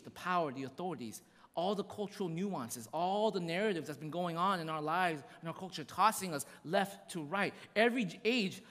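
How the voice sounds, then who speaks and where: A man's voice: high-pitched, fairly bright tone. A man preaching a sermon to a congregation, driving points home with repeated refrains and chatty asides. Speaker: pastor. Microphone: microphone. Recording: echoey hall reverb.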